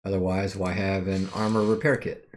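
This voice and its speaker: A man's voice: sits low, flat delivery, normal speed. A man streaming a game, thinking aloud and muttering as he works out its menus and skills. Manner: thinks aloud while puzzling over the game. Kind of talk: casual let's-play commentary.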